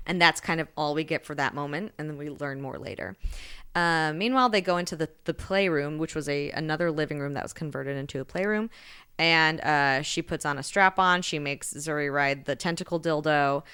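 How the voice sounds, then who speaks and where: A woman co-hosting a podcast, recapping a book in casual chat, animated, with frequent laughs and fillers. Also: low-pitched, fairly quick, smooth. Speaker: podcast co-host.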